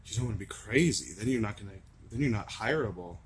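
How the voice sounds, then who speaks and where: A young man with a raspy voice, talking earnestly and rambling to camera in a confessional vlog. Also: lowish voice, lively intonation, quick pace, a little hiss or hum. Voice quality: raspy from screaming. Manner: earnest, rambling, swings from shouting to laughing to soft musing. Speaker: vlogger.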